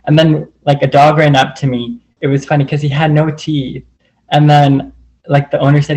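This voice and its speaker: Give me a man on a video call who rambles through a personal story, filling it with "like" and acting out what people said. His voice sits a bit higher than most men's. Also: level tone, moderate pace, darkish tone, poor audio. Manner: rambling, full of "like" and re-enacted quotes. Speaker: group call participant.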